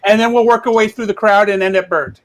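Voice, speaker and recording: A man's voice: high voice, steady tone, fast, a bit bright. A man hosting a livestream panel over a video call, steadily moderating and passing the turn to each guest. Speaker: panel host.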